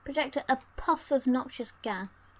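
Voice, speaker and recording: A woman's voice: high-pitched, a little slow, darkish tone, low-quality recording. A woman playing a tabletop game, joking around and swearing freely. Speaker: player. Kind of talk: casual tabletop play.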